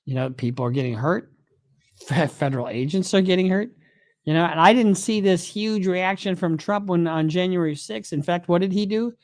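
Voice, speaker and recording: A man with a fairly high voice talks through his views as a criminal lawyer in a loose, casual chat. He rambles, circles back and pads his points with fillers, and he sounds very dry and close to the mic. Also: moderate pace, a little mellow, no echo.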